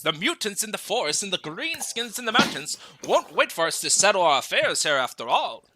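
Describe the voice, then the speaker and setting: Man doing boisterous mad old duke, attempted Scottish accent, high lively voice, sharp bright tone, dry. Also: moderate pace, noisy background. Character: loud eccentric mad old duke, jovial. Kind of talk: reading a fanfic aloud with friends.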